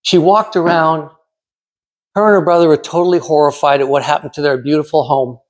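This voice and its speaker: A man in his sixties from California giving a prepared storytelling speech in a measured, dramatic way with pauses. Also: on the high side, steady tone. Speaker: club speaker.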